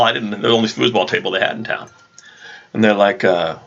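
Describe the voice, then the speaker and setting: A man hosting a vlog, telling an animated, rambling anecdote with lots of restarts, on a dull lo-fi recording. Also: lowish voice, a little fast, vocal fry, pauses often. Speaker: vlog host. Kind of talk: casual storytelling chat.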